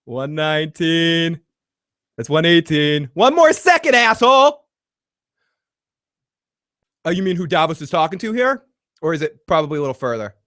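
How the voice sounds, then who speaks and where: A man hosting a live trailer reaction stream, excitable and profane, often bursting into shouts. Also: a little high, no room sound.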